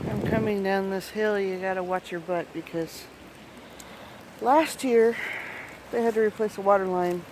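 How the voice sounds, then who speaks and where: Chatty woman on a flooded farm. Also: mid-range voice. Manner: chatty, grumbling jokingly at her animals. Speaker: farm vlogger. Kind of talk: casual vlog narration. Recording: outdoor noise, running creek water. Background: rushing water.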